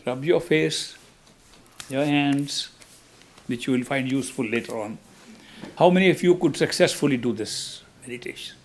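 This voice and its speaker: An older man giving a spiritual talk, guiding a meditation in a measured, emphatic way with long pauses. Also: mid-range voice, a little hiss or hum. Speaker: spiritual teacher.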